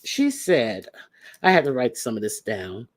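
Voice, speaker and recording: A host speaking in gives casual commentary on online drama. The voice sits at a middle pitch. The talk rambles and turns confrontational, full of fillers and restarts. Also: big pitch swings, unhurried.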